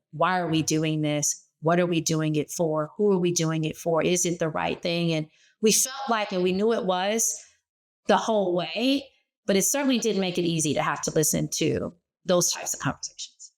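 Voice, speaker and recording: A middle-aged woman speaking as a guest in an interview, telling lively personal stories from her working life. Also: fairly low pitch, normal speed. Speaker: guest, former startup CEO. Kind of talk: conversational interview.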